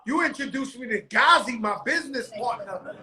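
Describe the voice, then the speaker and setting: A man's voice: extremely high pitch, animated, normal speed, pushed and bright. A man hosting a casual conversation, speaking in an emphatic, affirming way. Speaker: host.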